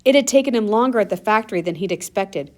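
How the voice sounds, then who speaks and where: A woman narrating a first-person story in a measured, earnest audiobook reading. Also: medium pitch, animated, darkish tone.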